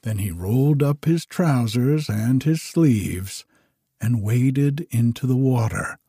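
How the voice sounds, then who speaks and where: Slow, husky male storyteller. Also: medium pitch, no room sound, studio quality. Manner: slow, measured, expressive storytelling. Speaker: narrator. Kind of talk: storybook reading.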